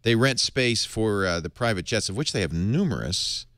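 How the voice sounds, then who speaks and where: Middle-aged male host, low voice, swoops up and down a lot, wry and chatty, dry close sound. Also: moderate pace, no echo. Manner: wry, animated, slips into comic voices. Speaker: podcast host. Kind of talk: casual tech news chat.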